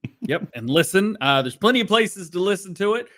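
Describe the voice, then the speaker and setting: Man, podcast host, playful joking chat, fairly high voice. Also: expressive, fairly quick, a bit bright. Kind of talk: casual chat.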